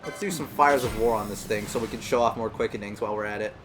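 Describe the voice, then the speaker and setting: A man's voice: lowish voice, fast talker, over music. A man giving casual, rambling let's-play commentary, full of fillers and self-corrections. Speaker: gameplay commentator.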